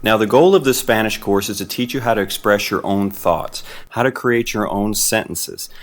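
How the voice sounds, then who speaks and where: A man teaching a beginner Spanish lesson in a friendly, patient way, slowing down for example phrases. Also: lowish voice.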